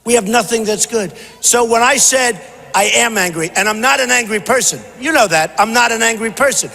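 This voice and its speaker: A man giving a campaign rally speech in a large convention hall, punchy and repetitive, often shouting. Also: very high-pitched, lively intonation, a little fast, gravelly. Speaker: presidential candidate. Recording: long hall reverb, faint noise.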